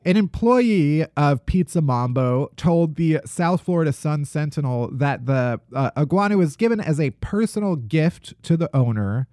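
Sarcastic podcast host with lively pitch. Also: no echo, clean studio sound. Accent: Midwestern American. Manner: sarcastic, ranting, lots of restarts. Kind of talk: casual comedic news chat.

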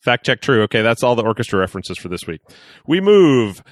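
A man's voice: medium pitch, fairly quick, no room sound, clean studio sound. A man co-hosting a podcast, reading a listener's letter aloud with jokey asides. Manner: animated, jokey, reads aloud with playful asides. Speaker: podcast co-host.

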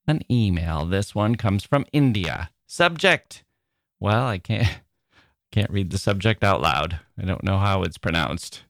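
Playful, slow-talking male podcast host. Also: low-pitched, lively intonation, fairly bright tone, no echo, clean studio sound. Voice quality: squirrel-like voice. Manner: playful and theatrical, often laughing at himself. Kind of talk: playful literary podcast chat.

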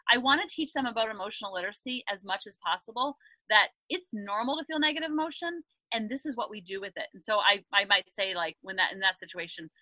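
Bright upbeat woman in her 30s, parenting coach on a podcast, acts out quotes, dry close mic. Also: medium pitch, fast, no room sound, low-quality recording. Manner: upbeat, animated storytelling with acted quotes. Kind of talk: conversational interview.

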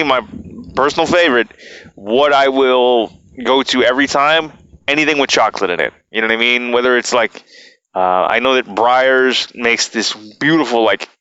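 A man's voice: mid-range voice, bright, forceful tone, clear, resonant tone, dry recording, muffled recording. A man hosting a podcast, talking in a casual, rambling monologue full of fillers and playful asides. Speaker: podcast host.

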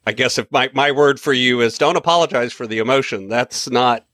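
A man's voice: medium pitch, fairly quick, fairly bright tone, dry recording, clean studio sound. A man hosting a podcast interview, reassuring his guest and asking thoughtful questions with many restarts. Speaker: podcast host. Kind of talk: interview conversation.

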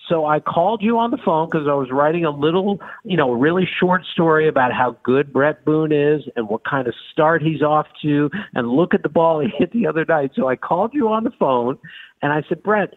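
Man in his 60s, lively storyteller, fairly high voice, tinny phone-line sound. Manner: excited, with wide pitch swings. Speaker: guest, baseball reporter. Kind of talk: animated storytelling.

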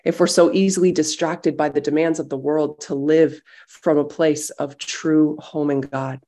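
A pastor on a call, gently leading a time of silent prayer and then reading a Bible chapter aloud. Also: mid-range voice, fairly even intonation. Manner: gentle, slow, reflective. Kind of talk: sermon with guided silent prayer and scripture reading. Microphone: video call.

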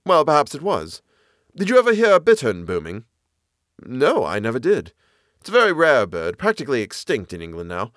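A man voicing an eager, knowledgeable naturalist man who explains the moor with lively enthusiasm. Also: medium pitch, fairly quick, no echo, studio quality. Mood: lecturing.

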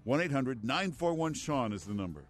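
A man's voice: mid-range voice, very animated, brisk, over loud music. A man with a New York accent guest-hosting a radio call-in show, teasing and joking with callers. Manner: teasing, jokey. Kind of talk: talk radio call-in banter. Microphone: studio microphone.

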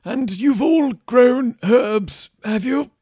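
Man playing a pompous knight, slow drawn-out questions, husky, dry sound. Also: extremely high pitch, mellow, no room sound, full character voice. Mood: probing. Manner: accusing, theatrical, drawn-out questioning. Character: pompous male knight, suspicious interrogator.

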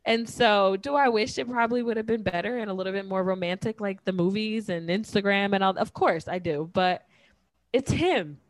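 A woman in her thirties telling a personal story in casual chat, acting out quoted lines with lively jumps in pitch. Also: normal speed, dry recording. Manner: animated, acts out quotes with big pitch jumps.

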